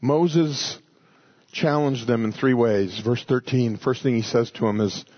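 A man's voice: medium pitch, unhurried, dull audio. A man preaching a sermon, emphatic and repeating short commands.

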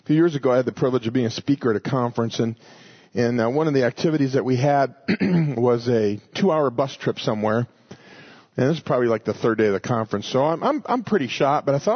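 A man's voice: medium pitch, lively intonation, a little fast, husky, dull audio. A man preaching a sermon, emphatic and repeating short commands.

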